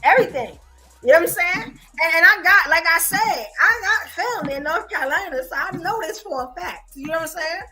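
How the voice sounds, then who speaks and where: High bright-voiced New York woman. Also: a little fast, faint music behind. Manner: animated, boastful, laughs often. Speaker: podcast co-host. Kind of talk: casual chat.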